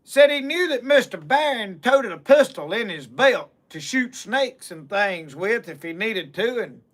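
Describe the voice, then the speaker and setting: A man's voice: high-pitched, big pitch swings, a little slow, fairly bright tone. A man with a Southern US accent telling a folksy comic tall tale in a drawl, starting almost every clause with "said". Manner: drawling, repeats "said" constantly. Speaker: storyteller.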